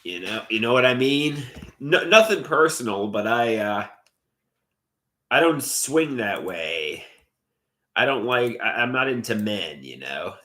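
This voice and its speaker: Young Long Island man livestreaming, hesitant and rambling, mid pitch, animated delivery. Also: unhurried. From Long Island, New York. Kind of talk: casual live stream chat, reading comments.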